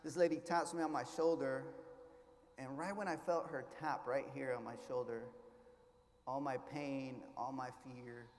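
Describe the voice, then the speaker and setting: A man giving an inspirational keynote, telling his story with hushed lows and loud surges, mixing in Spanish words. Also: steady tone, normal speed. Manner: passionate, swings between hushed and loud, drops Spanish words. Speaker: keynote speaker. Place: large conference hall. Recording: echoey hall, faint ambience.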